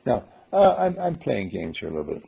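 A man's voice: on the low side, huge pitch swings, a little fast, creaky, slightly rough, lo-fi sound. A man teaching a small group in a playful way, acting out little dialogues in different voices. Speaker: spiritual teacher. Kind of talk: group talk.

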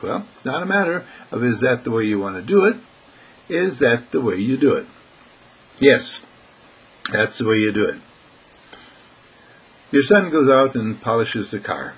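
A man's voice: medium pitch, very animated, a little slow, long pauses, poor audio. A man giving a short inspirational talk as dean of a healing school, repeating his points with emphasis and acting out his listeners' questions. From United States. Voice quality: gravelly, husky.

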